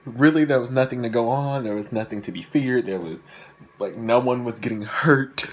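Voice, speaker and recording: Young guy rambling thru a storytime, lots of likes n ums, middle-pitched voice, bit of faint noise. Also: normal speed. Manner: rambling, self-deprecating, with many fillers. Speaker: vlogger. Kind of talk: casual storytime.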